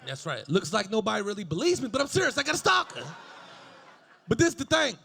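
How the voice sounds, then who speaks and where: A young man performing stand-up with a high, gravelly voice. His pitch swings wildly as he tells his stories, and he keeps cracking up at his own jokes. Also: huge pitch swings, fast, sharp tone. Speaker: stand-up comedian. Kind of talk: stand-up comedy set.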